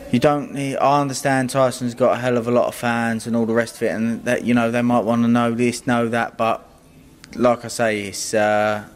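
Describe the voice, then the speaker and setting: A man, a boxing trainer, answering interview questions in a guarded, measured way, often repeating his phrases. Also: medium pitch, little pitch movement, clean tone.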